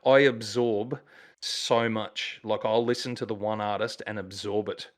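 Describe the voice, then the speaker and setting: A man with an Australian accent, a musician guest chatting casually and telling rambling, excited stories full of fillers. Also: fairly low pitch, a little slow. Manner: enthusiastic, rambling storyteller with many fillers. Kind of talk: casual chat.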